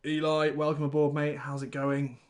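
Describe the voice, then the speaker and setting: Chatty game streamer. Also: male voice, on the high side, completely flat delivery, moderate pace. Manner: chatty, rambling, thinks aloud and greets chat viewers. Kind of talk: live-stream gameplay commentary.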